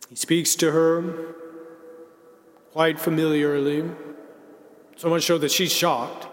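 A man's voice: on the high side, little pitch movement. Reflective male preacher in a hall. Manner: measured, reflective, slowing down on key words. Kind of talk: sermon. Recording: long reverb in a large hall.

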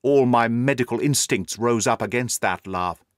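A man narrating a period story in a measured, formal storytelling manner. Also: mid-range voice, no echo, studio quality. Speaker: audiobook narrator.

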